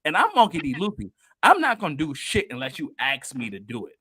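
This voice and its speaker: A man's voice: on the high side, wildly swooping pitch, a little fast, sharp tone, husky, voice pushed down, full character voice. A man voicing a brash young male pirate captain who talks bluntly and curses freely. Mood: lecturing. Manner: blunt, profane, dismissive.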